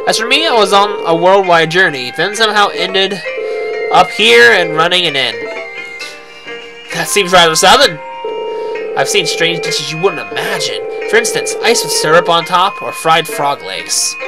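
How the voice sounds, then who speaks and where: A man's voice: high-pitched, lively intonation, moderate pace, over music, rough recording. A man voicing a chatty, well-traveled innkeeper.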